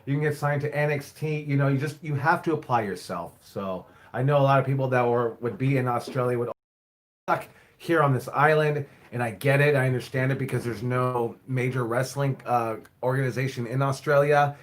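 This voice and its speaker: A man's voice: medium pitch, brisk. A man who owns and coaches a wrestling school, answering viewer questions in a casual live stream, rambling, repeating himself and swearing now and then.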